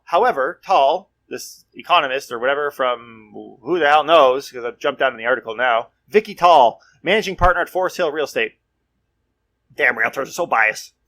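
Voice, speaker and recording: Energetic young man talking real estate. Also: fairly high pitch. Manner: energetic, talks straight to listeners, repeats for emphasis. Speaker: real estate podcast host. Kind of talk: casual market commentary.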